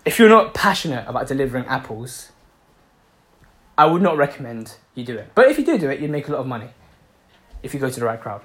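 A man's voice: medium pitch, very animated, quick pace, long pauses, a bit bright. A man giving a passionate motivational talk, repeating himself for emphasis and swearing freely. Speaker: motivational speaker.

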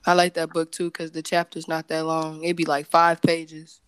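A woman's voice: low-pitched, monotone, moderate pace, a bit bright, smooth, dry recording. A woman guest on a podcast, talking in a loose, candid way with many fillers and self-corrections. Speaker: podcast guest, entrepreneur and singer. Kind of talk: casual chat.

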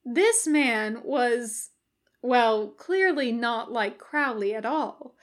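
A woman reading fan fiction aloud as a podfic narrator, in an even storytelling manner. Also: on the high side, drawn-out words. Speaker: podfic reader.

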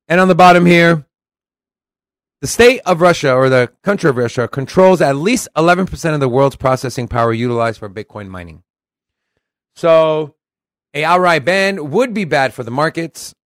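A crypto podcast co-host with a slightly high voice speaks at a moderate pace, reading news stories aloud and weighing in crudely and brashly during casual chat. Quotes make him animated, and the sound is clean studio audio with no room sound.

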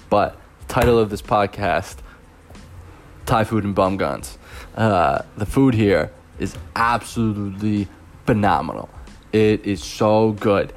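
A young man hosting a podcast, telling stories from his teaching job in a rambling, laughing way, full of fillers. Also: on the low side. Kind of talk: casual storytelling podcast.

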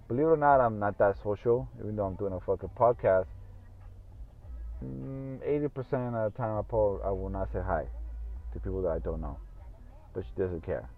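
A man hosting a podcast in casual solo talk, rambling and swearing freely with lots of fillers. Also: fairly low pitch. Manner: rambling, profane, full of fillers. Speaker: podcast host. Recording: tinny phone-like audio.

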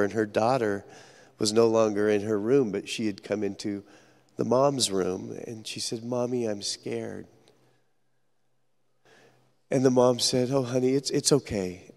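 A man preaching a sermon as pastor, telling stories earnestly with dramatic pauses. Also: on the low side, creaky. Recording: echoey hall reverb.

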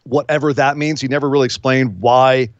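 A man's voice: medium pitch, steady tone, fairly quick, no echo, highs cut off. A man hosting a casual chat, recapping events in a rambling, wry way. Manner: rambling, wry, throws in silly voices. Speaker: podcast host.

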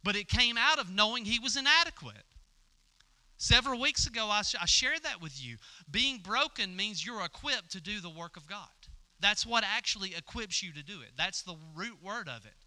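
A man's voice: sits high, expressive, normal speed, bright, forceful tone. A male pastor giving a conversational sermon, telling the story and acting out the dialogue with stammers and fillers.

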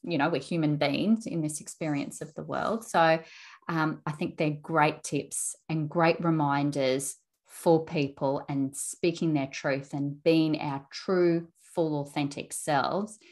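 A woman's voice: low voice, steady tone, takes it slowly, a little mellow. A woman hosting an interview, affirming her guest and telling a personal story with frequent restarts. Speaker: interview host. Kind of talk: conversational interview.

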